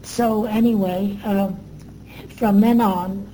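An older woman being interviewed, recounting her memories in an earnest, reflective way with pauses and fillers. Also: medium pitch, steady tone, mellow, a little hiss or hum, rough recording.

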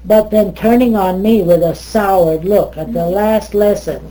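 An older American woman telling stories in an interview, lively, wandering, and often correcting herself. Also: mid-range voice, unhurried, rough recording. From United States. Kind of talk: oral history storytelling.

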